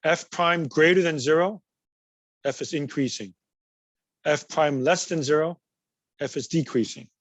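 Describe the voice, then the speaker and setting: A man's voice: on the high side, unhurried, pauses often, no echo. A man teaching a college math class, patiently working through examples and repeating key words. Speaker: math instructor. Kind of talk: recorded class lecture.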